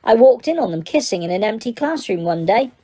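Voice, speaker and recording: A woman's voice: medium pitch, expressive, warm tone, close to an everyday voice. A woman voicing a shy, slightly anxious young girl in an audiobook, confiding in a lighter voice. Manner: quick, confiding, a little nervous. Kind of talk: audiobook character voice.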